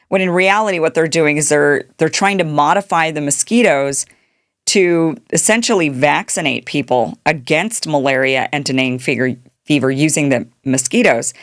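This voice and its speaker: A woman's voice: deep voice, normal speed, no room sound, clean studio sound. A middle-aged woman hosting a political commentary show, talking in a sarcastic monologue and mocking the people she quotes. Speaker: show host.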